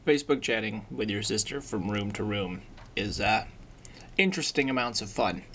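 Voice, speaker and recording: A man's voice: on the low side, animated, normal speed, a bit bright, a little hiss or hum. A young man chatting casually in a rambling, self-mocking way as he vlogs his day at home on a handheld camera. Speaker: vlogger. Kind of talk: casual daily vlog. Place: indoors at home.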